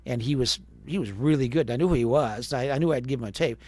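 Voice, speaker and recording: In a storytelling interview, a fifties-aged ex-radio DJ from Wisconsin plays the chatty podcast guest, voicing everyone he quotes. His pace is quick, his pitch medium and his tone darkish, recorded without echo.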